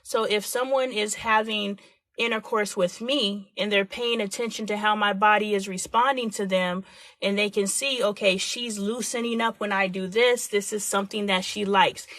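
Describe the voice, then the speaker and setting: This livestream host, a woman in her forties, talks frankly and energetically and performs the voices of people she quotes. She has a medium pitch, a fairly bright tone, and there's no echo.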